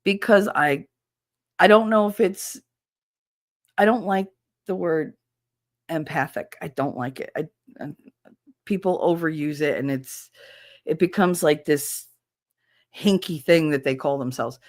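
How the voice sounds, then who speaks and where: A woman's voice: low-pitched, measured pace, long pauses. A woman hosting a podcast, talking candidly and emotionally, swearing freely and restarting her sentences often. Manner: rambling with frequent restarts. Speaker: podcast host.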